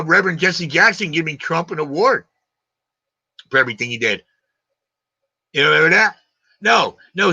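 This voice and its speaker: A man's voice: on the high side, pushed and bright, husky, no echo. A man hosting a live stream, ranting combatively in a heated argument and hammering his points with repeated questions. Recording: dull lo-fi stream audio.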